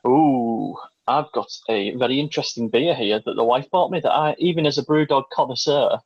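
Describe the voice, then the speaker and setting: Casting: Lancashire man, husky, rambling guest, dry dull video-call sound. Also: mid-range voice, moderate pace, dry recording. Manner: rambling, enthusiastic about beer. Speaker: guest panelist. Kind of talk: casual chat.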